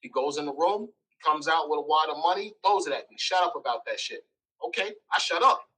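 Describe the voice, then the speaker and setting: A man as an interview guest telling a personal story, animated, acting out quoted lines. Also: on the high side, fairly quick, distant mic, a little hiss or hum, poor audio.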